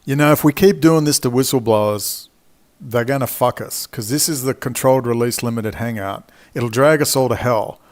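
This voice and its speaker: A man's voice: mid-range voice, normal speed. A man, from Australia, delivering an angry, profane, rambling monologue as a commentator. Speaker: independent commentator. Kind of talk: ranting monologue.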